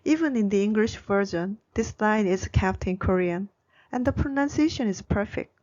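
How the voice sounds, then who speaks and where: A woman narrates a language-learning video in a scripted, explanatory way. Her voice sits at a middle pitch. The recording is a bit dull and lo-fi. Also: moderate pace, a little mellow. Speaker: Korean language educator.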